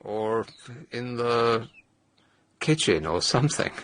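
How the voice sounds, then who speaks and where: A man's voice: mid-range voice, expressive, takes it slowly, a bit bright, no room sound. A man hosting a radio phone-in, teasing his callers in a dry, sardonic way. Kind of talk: late-night radio phone-in chat. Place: radio studio. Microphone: studio microphone.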